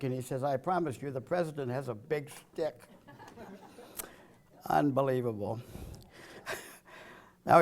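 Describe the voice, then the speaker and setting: A man's voice: a little slow, pauses often. Wisecracking man giving a political speech. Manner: wisecracking, chuckles at his own jokes; swings between loud punchlines and low asides. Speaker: political speaker. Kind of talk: joke-filled political speech.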